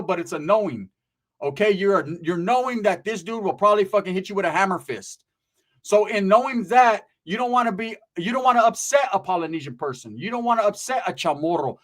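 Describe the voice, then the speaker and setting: High-voiced man telling streetwise stories. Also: a bit bright. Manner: profane, streetwise slang, lots of "right?" tags. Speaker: channel host and storyteller. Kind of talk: casual storytelling about prison life.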